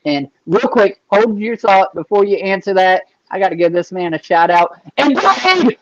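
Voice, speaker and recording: A man hosting a casual interview, talking loosely with easy profanity and shout-outs to viewers. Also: sits high, steady tone, moderate pace, muffled recording, very noisy. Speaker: podcast interviewer.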